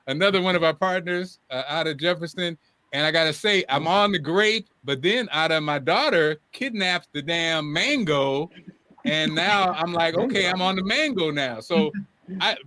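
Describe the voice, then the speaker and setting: A man hosting a morning talk show, with a high, ringing, bright voice. He tells stories in a lively, emphatic way and often circles back over his own words. The sound is close and dry. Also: no room sound. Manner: lively, emphatic storyteller who repeats himself. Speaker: show host. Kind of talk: casual talk-show chat.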